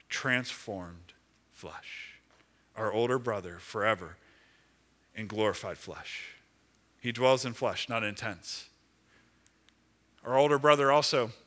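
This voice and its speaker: A man preaching a sermon, rising to loud emphatic lines and dropping to slow, hushed words. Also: medium pitch.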